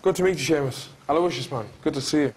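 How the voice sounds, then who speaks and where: An actor playing a brash, scheming young Irish job seeker, talking in thick rural slang. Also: male voice, a little high, fast talker, darkish tone, slightly rough. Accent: Irish, Mayo.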